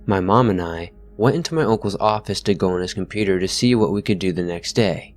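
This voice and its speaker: A man with a somewhat low voice reads first-person horror stories as scripted narration. He keeps a steady, even reading pace throughout. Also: a little fast, soft background music.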